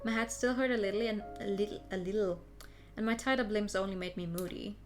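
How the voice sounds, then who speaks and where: A woman's voice: medium pitch, brisk, soft background music. A young woman streamer playing a story game, reading its text aloud and chatting about it between lines.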